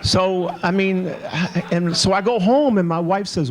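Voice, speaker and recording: A man's voice: high voice, measured pace. A man in his sixties giving a candid, joking keynote speech at a conference. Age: 60s. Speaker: keynote speaker.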